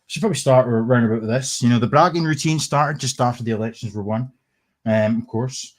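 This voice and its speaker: A man's voice: mid-range voice, fairly quick. A man with a Scottish accent doing a sweary, scornful casual rant on a live stream, laughing often. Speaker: livestream commentator.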